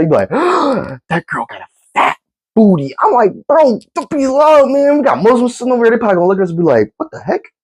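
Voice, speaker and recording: A man's voice: a little high, rough recording. A young man casually telling a comedic story in slangy talk, acting out his friends with gasps and laughs.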